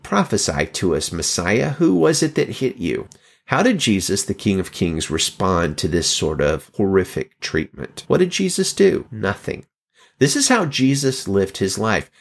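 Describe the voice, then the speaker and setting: A middle-aged male pastor delivering a sermon in a lowish voice. His delivery is lively and animated, climbing high on rhetorical questions and dropping low for scripture.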